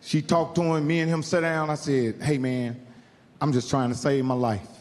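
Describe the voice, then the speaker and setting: A man from Indiana telling a profane stand-up story on stage, acting out the people in it with animated voices. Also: on the high side, moderate pace. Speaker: stand-up comedian. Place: comedy stage in a large hall. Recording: live hall reverb, faint crowd ambience.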